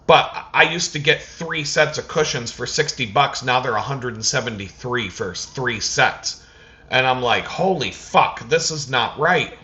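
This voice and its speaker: A man's voice: medium pitch, normal speed. A man telling a story in a casual vlog rant, swearing often and acting out what people said to him. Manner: profane, animated storytelling with acted-out quotes. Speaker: vlogger.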